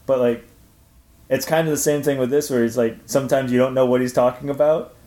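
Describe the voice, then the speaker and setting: Relaxed man rambling in an echoey room. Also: medium pitch, fairly quick. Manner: relaxed, rambling with many fillers. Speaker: podcast guest. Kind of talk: casual chat.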